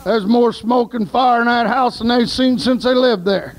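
Man preaching, high-pitched voice, folksy storytelling, shouts of praise. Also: moderate pace, rough recording. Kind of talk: sermon.

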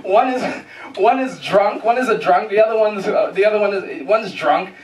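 High-voiced man doing profane stand-up. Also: moderate pace, very noisy. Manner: profane, rambling, restarts sentences. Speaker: stand-up comedian. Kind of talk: stand-up comedy set. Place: comedy club with live audience. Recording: echoey club, distant mic, loud crowd laughter.

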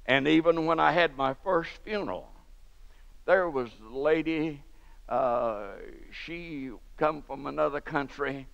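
A man's voice: a little high, unhurried, gravelly, fairly bright tone. An older man preaching a sermon in a church, telling stories with fervent emphasis. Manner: fervent storytelling preacher, rising to emphatic peaks. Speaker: pastor. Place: church sanctuary. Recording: dull lo-fi church recording with long reverb.

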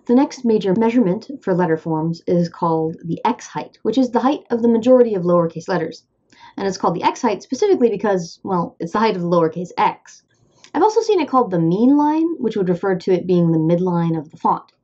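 Upbeat Midwestern woman explaining with a mellow tone. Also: medium pitch, big pitch swings, fast, highs cut off. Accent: American Midwestern. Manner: playful, upbeat, with asides. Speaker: host. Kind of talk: scripted educational explainer.

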